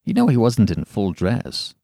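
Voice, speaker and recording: A male narrator puts on a worldly young painter who teases and chuckles through every remark. The voice swings up and down with lively pitch. It sits close and dry, with no room around it. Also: measured pace, gravelly, no room sound, exaggerated voice. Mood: teasing. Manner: teasing, breezy, given to laughter.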